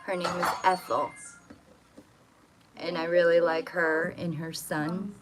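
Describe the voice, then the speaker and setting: Speaking slowly in a lowish, level voice, a woman from Atlantic Canada tells a personal story in a loose, rambling way, blunt and swearing freely. The recording is very noisy.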